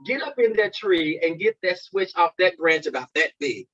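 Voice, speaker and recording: A man's voice: a little high, very animated, moderate pace, sharp tone, dry recording, dull audio, exaggerated voice. A man quoting a stern mother. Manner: firm, commanding. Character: stern mother sending a child for a switch.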